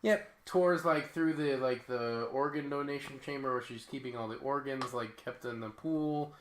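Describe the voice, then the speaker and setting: A man's voice: medium pitch, moderate pace, slight background noise. A man co-hosting a podcast, recapping a movie in casual, sarcastic chat and swearing casually. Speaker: podcast co-host. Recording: echoey room.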